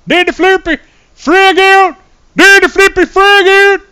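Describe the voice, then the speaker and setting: A man's voice: fairly even intonation, a little slow, exaggerated voice. A man doing a babbling mock-Swedish soldier. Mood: babbling, urgent. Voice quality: high, loud, babbling mock accent. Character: mock-Swedish male soldier barking over radio. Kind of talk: comic impression on a live stream.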